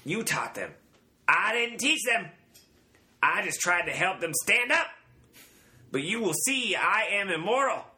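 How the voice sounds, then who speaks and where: A man's voice: high voice, big pitch swings, measured pace, long pauses, bright, forceful tone, pitched above the performer's own voice, heavily acted. A man doing a creepy, grandiose cult-leader voice. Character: grandiose menacing older male cult leader. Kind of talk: comic impression on a podcast.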